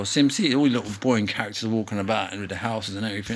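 A man's voice: lowish voice, rapid-fire, few pauses, rough recording. A man giving playful, rambling commentary while playing a mobile game, often wandering off on tangents.

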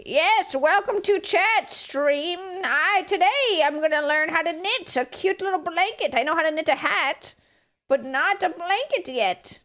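A woman's voice: very high voice, expressive, measured pace, a bit bright, voice pushed up, heavily acted. A woman in her thirties doing a sweet, dithery old woman who streams and knits. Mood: doddering.

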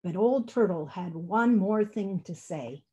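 Slow, gentle woman reading a storybook. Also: lowish voice, animated, dull audio. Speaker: church storyteller. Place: church service.

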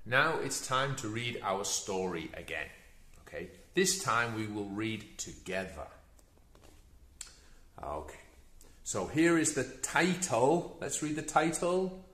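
Male teacher for a children's reading lesson, slow and exaggerated, with a swooping voice. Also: mid-range voice, big pitch swings, sharp tone, slightly rough. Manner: slow, sing-song, exaggerated.

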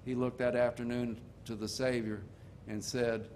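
An older man delivers a sermon as a string of homespun stories. His voice sits at an ordinary middle pitch, and he slows down deliberately to drive each point home. A faint low rumble runs under the recording. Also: little pitch movement, darkish tone. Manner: folksy storytelling preaching, slowing for emphasis. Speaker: preacher.

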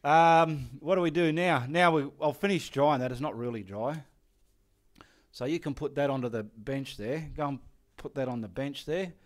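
At a normal speed and in a mid-range voice, a middle-aged Australian artist talks casually while painting behind the scenes. Swearing freely and joking, he gives directions and mutters instructions to himself.

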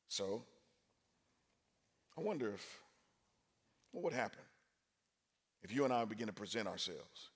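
A man preaching a sermon in a university chapel, energetic and talking with the crowd, with sudden loud bursts. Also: mid-range voice, a little slow, pauses often, slightly rough.

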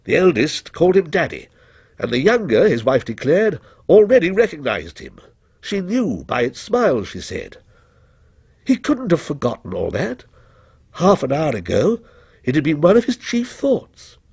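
A man narrating a ghost story in a measured, expressive storytelling manner. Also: fairly high pitch, vocal fry, husky, no room sound, studio quality. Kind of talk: scripted ghost story reading.

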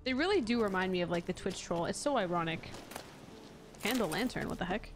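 A woman's voice: mid-range voice, lively intonation, a little fast, a little hiss or hum. A woman streamer giving chatty, sarcastic, casual let's-play commentary. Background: game music.

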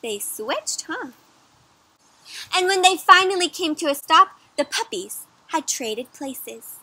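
A young woman reading a picture book aloud for children, animated, often pausing to ask her listeners questions. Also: extremely high pitch, dry recording. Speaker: children's storyteller. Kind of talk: interactive read-aloud for kids.

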